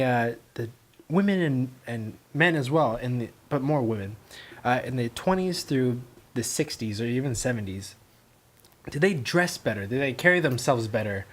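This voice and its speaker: A man's voice: mid-range voice, lively intonation, normal speed. A man hosting a casual chat show in a playful, loose way, laughing easily. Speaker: host.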